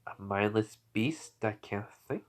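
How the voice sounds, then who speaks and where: A young man voicing a proud female fox demon in human form who speaks softly and with restraint. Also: medium pitch, sing-song, moderate pace. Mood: cold.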